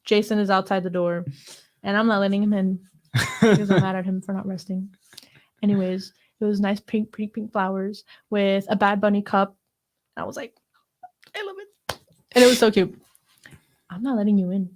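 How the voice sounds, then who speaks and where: A woman co-hosting a podcast in casual chat, talkative and expressive, with lots of "like" and "you know". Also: mid-range voice, a little fast. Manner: chatty, fills talk with "like" and "you know"; expressive, gasps and laughs while talking. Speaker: podcast co-host.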